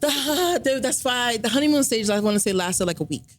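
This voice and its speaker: A woman's voice: on the high side, lively intonation, brisk. A woman guest on a podcast, telling a personal story in casual chat, full of fillers and acted-out quotes. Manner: chatty, many fillers, acts out quoted dialogue.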